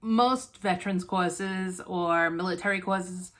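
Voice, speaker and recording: A woman's voice: lowish voice, steady tone, slow pace, fairly bright tone. Breathless, rambling woman vlogging about stitching. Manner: rambling, many ums and restarts. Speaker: stitching vlog host. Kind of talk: casual chat to viewers.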